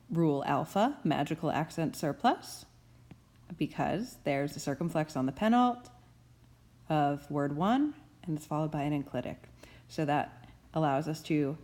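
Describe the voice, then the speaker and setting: Low-voiced lady prof walking through grammar rules, slow and patient, says each term twice. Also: a little mellow. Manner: patient, methodical explaining, repeats each term. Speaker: professor. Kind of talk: recorded grammar tutorial.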